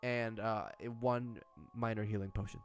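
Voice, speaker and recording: A man's voice: on the low side, soft background music. Man running a tabletop game. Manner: relaxed, halting, with fillers and laughs. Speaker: game master. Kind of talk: narrating a tabletop game on a stream. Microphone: headset.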